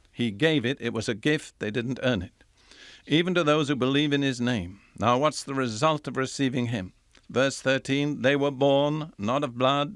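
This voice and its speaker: An older man delivers a recorded sermon, reading scripture with measured emphasis and then unpacking it. His voice sits at an ordinary middle pitch. The sound is close and dry, with no room around it. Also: fairly bright tone, no echo. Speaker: Bible teacher.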